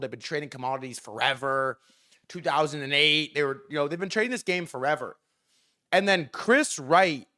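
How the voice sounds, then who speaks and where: A young man hosting a livestream, ranting excitedly and profanely, jumping from loud bursts to quieter mumbled asides. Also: a little high. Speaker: livestream host. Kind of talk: hyped livestream market rant.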